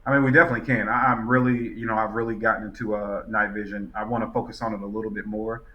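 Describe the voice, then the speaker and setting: A man's voice: on the low side, fast talker, muffled recording. A man chatting casually as a podcast guest, rambling along with lots of fillers. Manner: rambling, relaxed, many fillers. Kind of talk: casual chat.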